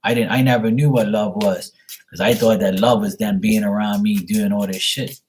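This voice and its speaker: A man's voice: fairly low pitch, fairly even intonation, normal speed, darkish tone, slight background noise. A middle-aged man giving a live tarot reading, talking bluntly and swearing often as he rants. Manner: blunt, profane, ranting. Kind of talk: casual livestream talk.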